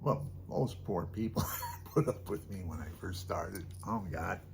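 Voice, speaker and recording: An older man talks in a low, gravelly voice, rambling off the cuff and chuckling between thoughts. He speaks softly, and a faint hiss sits under the recording. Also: unhurried. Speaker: vlogger and hobby guitarist.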